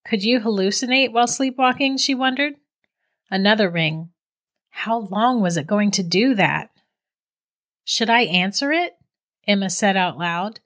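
Woman, story narrator, fairly low pitch, measured, suspenseful, scripted horror reading. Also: a bit bright.

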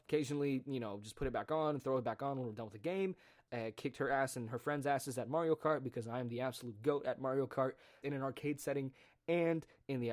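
A man's voice: medium pitch, a little mellow. A young man telling a story in a casual monologue, ranting with sarcastic, profane asides. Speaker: podcast host.

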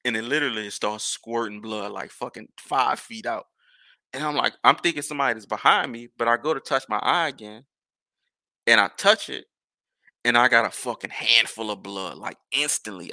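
Gravelly, animated New man. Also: medium pitch, no echo, clean studio sound. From New Orleans. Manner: rambling, animated, profane storytelling. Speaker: podcast host. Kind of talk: casual storytelling.

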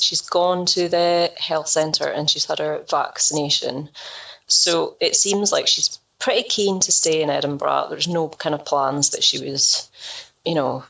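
A woman co-hosting a podcast, retelling a case in a relaxed, conversational way. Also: low-pitched, creaky, far from the mic, low-quality recording. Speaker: podcast co-host telling the case. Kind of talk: casual storytelling chat.

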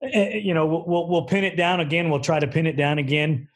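A man's voice: fairly high pitch, steady tone, quick pace. A man hosting a casual interview show, friendly and a bit stammering, laughing along with his guest. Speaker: podcast host.

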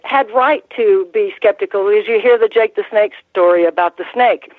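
An older woman, a former ring announcer, telling stories in an interview, halting with many restarts and fillers. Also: medium pitch, dry recording. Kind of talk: casual interview storytelling. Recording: tinny phone-line sound, dry.

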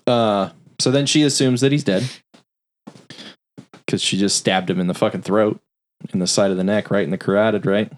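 A man casually recapping a film's plot on a podcast, swearing freely and acting out the characters' lines. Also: on the low side. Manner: loose, profane plot recap with quick voiced-out quotes. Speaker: podcast host recapping a film. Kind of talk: casual film review chat.

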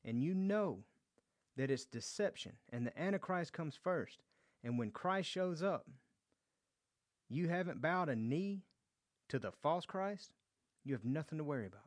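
Here a man with a slightly high voice and lively intonation teaches a verse-by-verse Bible study, speaking a little slowly and pausing often. He reads passages aloud and unpacks them in a chatty way, acting out quotes, repeating words, and restarting phrases.

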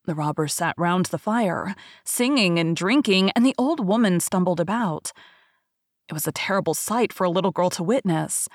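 Low-voiced woman reading a fairy tale. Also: animated, moderate pace, no room sound, clean studio sound. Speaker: podcast host. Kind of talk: storybook reading.

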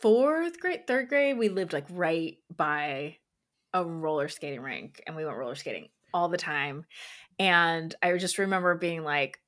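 A woman co-hosting a podcast in relaxed casual chat, often giggling and agreeing. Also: low-pitched, unhurried. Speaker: podcast co-host.

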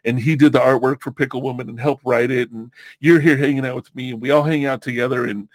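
A man's voice: mid-range voice, steady tone, fast, no echo. A man hosting a podcast, chatting casually in a rambling way, with lots of fillers and easy laughs. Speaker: podcast host.

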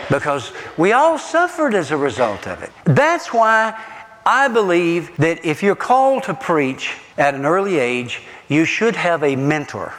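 A middle-aged man, preaching a sermon as pastor, animated, asking the congregation rhetorical questions. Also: high voice, long reverb tail.

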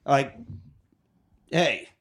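A man's voice: extremely slow, fairly bright tone. A man co-hosting a podcast in casual chat, joking and blunt with casual swearing. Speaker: podcast co-host.

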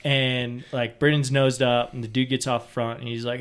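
Young male fishing guide, rambling raconteur, laughs a lot, mid-pitched voice, casual podcast chat. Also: steady tone, moderate pace, clear, resonant tone. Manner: rambling, laughing, acts out quotes loudly.

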